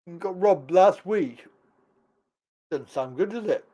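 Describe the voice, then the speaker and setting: A man hosts a casual live-stream chat. He speaks slowly in a high voice that swoops up and down, and he tells jokey stories with lots of laughter. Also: expressive, dark tone. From England. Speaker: host.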